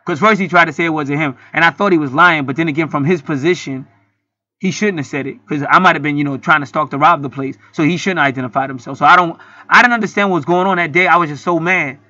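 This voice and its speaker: High, bright-voiced man ranting profanely. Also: fast talker, no room sound, highs cut off. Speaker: channel host. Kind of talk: heated commentary vlog.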